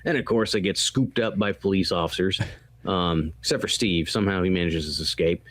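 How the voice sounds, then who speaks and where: A man's voice: low voice, brisk, fairly bright tone. A man co-hosting a podcast, casually recapping a film with lots of fillers and quoted lines. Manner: rambling recap with many fillers and acted quotes. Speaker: podcast co-host. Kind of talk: casual movie review chat.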